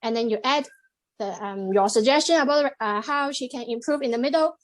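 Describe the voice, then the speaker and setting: A woman giving the general evaluation at a club meeting over a video call, measured and encouraging, with frequent fillers. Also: fairly high pitch.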